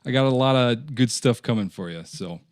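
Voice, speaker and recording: A man's voice: medium pitch, a little fast, dry recording, studio quality. A man hosting a casual live-stream interview, greeting the chat and asking questions in an easygoing way. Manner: easygoing, reads chat names aloud. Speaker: host.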